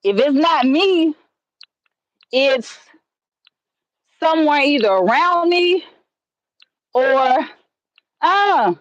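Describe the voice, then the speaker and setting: A woman chats through a casual livestream in a high voice, drifting through her story at an easy, slow pace. She rambles, doubling back with fillers and restarts as she goes. The sound comes off her phone, muffled and lo-fi. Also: animated, no echo. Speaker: livestream host. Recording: dull lo-fi stream audio.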